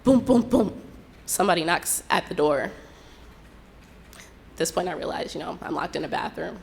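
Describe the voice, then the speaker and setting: A young woman telling a personal story in an unhurried, reflective way, acting out what others said. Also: low voice, fairly even intonation, creaky, a little hiss or hum. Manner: unhurried, reflective retelling with quoted dialogue.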